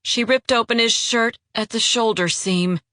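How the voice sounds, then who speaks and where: With a voice on the high side, a woman tells an audiobook story from a script in an even, measured manner. The clean studio recording has no room sound.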